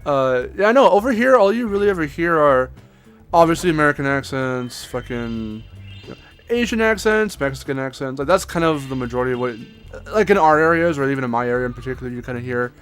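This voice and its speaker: A man's voice: medium pitch, lively intonation, fast, a bit bright, soft background music. A young man chatting casually as co-host, rambling, swearing and laughing often. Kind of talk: casual chat.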